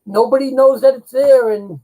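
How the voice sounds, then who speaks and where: A man's voice: very high voice, moderate pace, warm tone, poor audio. A man co-hosting a casual live-stream chat, giving folksy selling advice. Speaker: co-host.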